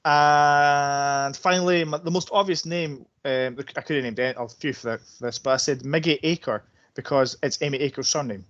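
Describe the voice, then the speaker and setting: A man's voice: fairly high pitch, fairly even intonation, normal speed, fairly bright tone. A man co-hosting a podcast, running through his film award picks in a wry, casual way. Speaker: podcast co-host. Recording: dull lo-fi podcast audio.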